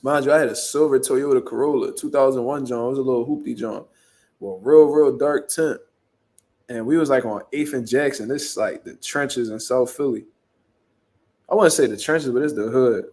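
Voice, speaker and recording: Profane, animated young man from Philly. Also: medium pitch, normal speed. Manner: profane, animated street storytelling with acted-out quotes. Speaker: show host. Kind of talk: casual storytelling.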